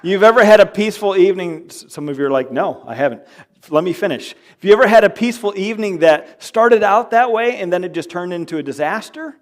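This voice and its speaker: A man's voice: high voice, quick pace. A male pastor preaching a sermon in church, joking with the congregation and acting out quoted arguments in his own voice. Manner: animated, jokey, acts out quoted arguments. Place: church sanctuary.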